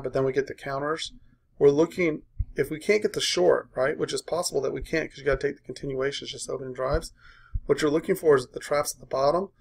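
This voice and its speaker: Gravelly man coaching a trading room. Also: mid-range voice. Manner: brisk, punchy, tags points with "right?"; walks through a chart aloud.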